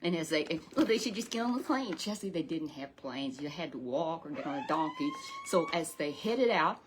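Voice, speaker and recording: A woman's voice: low voice, sing-song, normal speed, background noise. A woman telling a Sunday Bible story to a puppet, rambling and repeating herself with many restarts.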